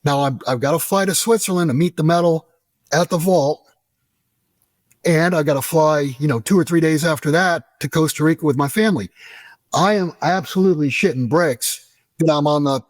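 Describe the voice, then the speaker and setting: A middle-aged American man telling a story as an interview guest, animated and profane, acting out the dialogue. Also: a little high, normal speed, dry recording. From United States.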